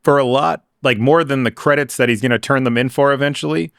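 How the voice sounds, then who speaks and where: A man co-hosting a casual TV recap chat, thoughtful and measured. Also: medium pitch, steady tone, gravelly, a bit bright, smooth, dry recording, studio quality. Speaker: co-host.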